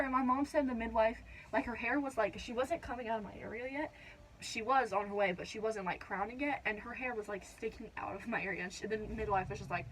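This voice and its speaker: A teenage girl vlogging a casual storytime at home, chatty and full of "like", acting out quotes in a higher voice. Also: a little fast, a bit bright, husky, low-quality recording. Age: teens. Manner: chatty, says "like" a lot, acts out quotes in a higher voice.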